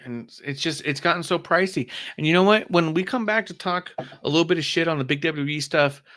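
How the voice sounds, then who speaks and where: A woman's voice: sits low, fairly quick, a bit bright. A woman co-hosting a podcast, bluntly giving her opinions with heavy swearing. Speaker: podcast co-host. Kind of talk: casual chat and opinion.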